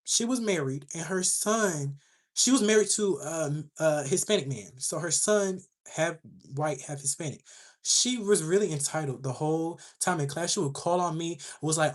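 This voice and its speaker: A young woman hosting a livestream, telling a story to her chat in a sassy, animated way. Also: sits low, normal speed. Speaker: livestream host.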